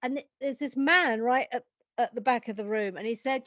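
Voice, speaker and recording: A woman, a podcast guest telling a story in a lively, self-mocking way. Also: fairly high pitch, a little fast, no room sound, dull audio. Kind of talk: animated anecdote telling.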